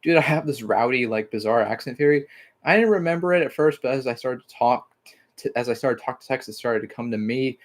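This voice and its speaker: A man's voice: mid-range voice, animated, fairly quick. A man from Mississippi hosting a casual livestream, rambling with lots of "like" fillers and casual swearing. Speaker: livestream host.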